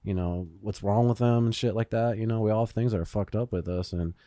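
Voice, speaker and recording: A man's voice: fairly low pitch, steady tone, a little fast, dark tone, dry recording, studio quality. A man hosting a podcast, telling a story in casual chat, swearing often and using lots of fillers. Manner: profane storytelling, swears a lot, many fillers. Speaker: podcast host.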